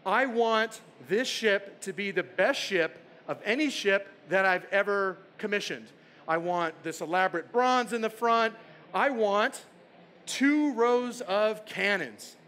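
A bright, high voice plays a stern old king with a big beard who questions sharply and lays down grand demands, as a speaker puts him on mid-talk. The delivery is imperious and clipped. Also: takes it slowly, slight background noise, heavily acted. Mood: grandly demanding.

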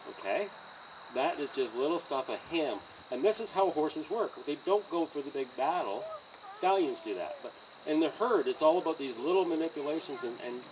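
A man training a horse outdoors by a trailer, coaching a student in an encouraging, animated way and often laughing. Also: medium pitch. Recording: distant outdoor mic with insect noise.

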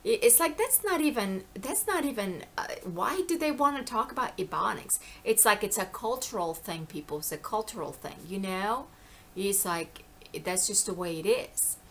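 Bright-voiced woman rambling in animated monologue. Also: mid-range voice, normal speed, a little hiss or hum. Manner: animated, digressive, slips into quoted voices. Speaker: vlogger. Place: lives in the American South.

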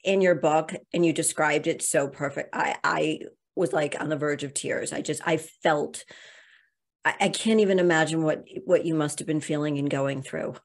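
A woman's voice: low voice, fairly even intonation, moderate pace. A woman hosting a podcast interview, responding sympathetically with brief affirmations. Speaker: podcast host. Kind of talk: interview conversation.

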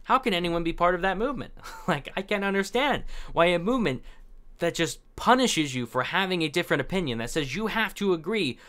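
A young man with a bright, crisp voice pitched a little above most men. He talks through political articles in a loose, sarcastic way, with plenty of filler words along the way. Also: animated, a little fast. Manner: chatty and sarcastic, with filler words and frequent laughs. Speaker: political commentary host. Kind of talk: casual commentary reading and reacting to articles.

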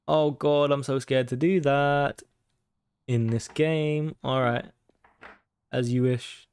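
A man's voice: mid-range voice, fairly even intonation, slow, a little mellow, clear, resonant tone. A man playing a horror game on his channel, swearing constantly, reacting jumpily and reading game text aloud. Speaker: gaming YouTuber. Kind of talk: horror game let's play commentary.

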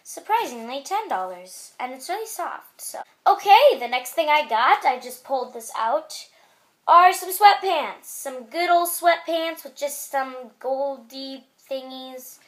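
High-voiced teen girl, joking haul vlog. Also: expressive, a little slow, a bit bright. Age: teens. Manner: joking, self-mocking asides. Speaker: vlogger. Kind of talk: casual haul video.

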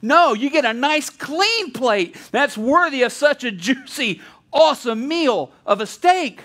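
A man's voice: extremely high pitch, lively intonation, unhurried, pushed and bright. A male pastor preaching a sermon in a conversational way, with asides and frequent restarts.

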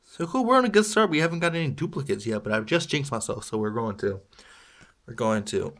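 A man's voice: medium pitch, lively intonation, fairly quick, a bit bright. Male vlogger, mid-range voice, loose rambling chat with self-mocking asides. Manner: rambling, chatty, self-deprecating with small laughs. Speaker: toy unboxing vlogger. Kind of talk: casual unboxing chat.

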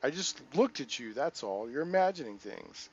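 A man's voice: medium pitch, sing-song, moderate pace, darkish tone, dull audio, slight background noise, pitched above the performer's own voice. A man reading out the lines of a frail, defensive mutant teenage boy in a video game, in a raised, defiant voice. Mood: guarded.

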